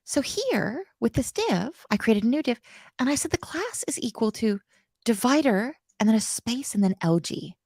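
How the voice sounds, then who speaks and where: A woman's voice: fairly high pitch, very animated, moderate pace, a little mellow, breathy edge, no room sound, clean studio sound. A woman teaching coding on a live stream, chatty and self-deprecating, with playful asides and the odd whisper. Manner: slips into playful quoted voices and whispers.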